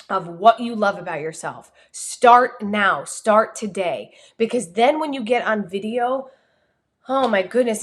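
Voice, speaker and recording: A woman with a New Jersey accent, a communication coach giving an energetic, expressive motivational talk on a livestream. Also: medium pitch. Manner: energetic, expressive, talks with her hands.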